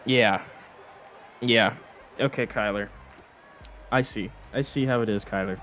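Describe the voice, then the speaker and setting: A man's voice: medium pitch, moderate pace, long pauses, bright, forceful tone, a little hiss or hum. A young man commentating his own football video game, exasperated and swearing as he rambles through complaints. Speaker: gaming commentator. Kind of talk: frustrated gameplay commentary.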